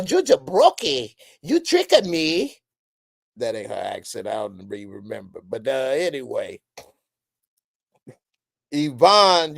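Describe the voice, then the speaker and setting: A man hosting a casual live-stream reaction, reading chat comments, animated with loud bursts and frequent laughs. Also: mid-range voice, no room sound, clean studio sound.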